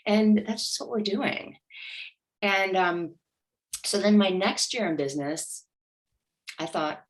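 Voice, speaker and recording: A woman's voice: mid-range voice, slow, pauses often. A middle-aged woman, a money mindset coach, telling her story in an interview and acting out her inner voice. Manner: animated, acts out her inner voice.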